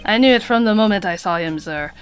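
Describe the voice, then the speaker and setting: A woman voicing a fawning, odd young male hotel bellboy in a put-on French accent, slow and grandiose. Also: medium pitch, lively intonation, natural voice. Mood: boastful.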